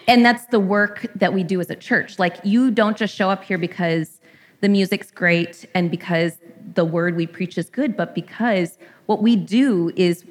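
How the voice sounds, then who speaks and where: A woman pastor giving a sermon in a candid, conversational way, with light irreverence, ending in prayer. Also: on the low side.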